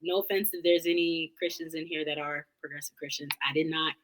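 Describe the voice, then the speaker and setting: A young woman with a slightly low-pitched voice speaks as an interview guest. She talks in earnest, winding reflections, restarting her thoughts as she goes in casual, candid conversation. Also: level tone, a little fast, a bit bright, slight background noise, rough recording.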